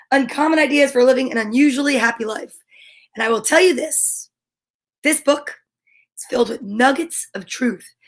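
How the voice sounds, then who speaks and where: High-voiced bubbly woman hosting kids' story time. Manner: bubbly, animated, chatty. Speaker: host of a children's story-time show. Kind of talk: cheerful chat to kids at home.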